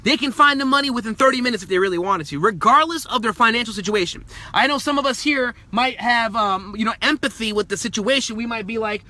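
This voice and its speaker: A man giving a motivational sales-training talk, emphatic and forceful, sometimes acting out his clients' voices. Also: very high-pitched, quick pace, hardly any pauses.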